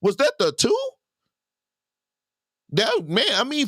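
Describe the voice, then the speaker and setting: This man's voice is very high-pitched and slightly rough, slow, with long pauses, recorded cleanly in a studio without echo. Hosting a reaction commentary, he's animated and preachy, giving advice straight to his listeners.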